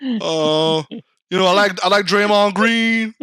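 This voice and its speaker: A man's voice: sits high, slow, sharp tone, smooth, no echo, studio quality, pitched above the performer's own voice, exaggerated voice. A man doing a rambling impression of a middle-aged sports analyst with a put-on Southern drawl. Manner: rambling, hesitant betting picks.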